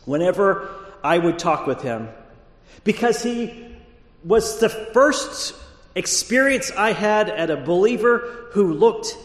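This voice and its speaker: High-voiced pastor preaching in a reverberant hall. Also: male voice. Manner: measured preaching, drawing out key words. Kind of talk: sermon. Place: church sanctuary.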